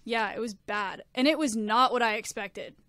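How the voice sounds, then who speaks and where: A woman's voice: on the high side, moderate pace, fairly bright tone, no echo, studio quality. A young woman co-hosting a podcast, explaining her side in a frank, casual way. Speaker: podcast co-host. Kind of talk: casual chat.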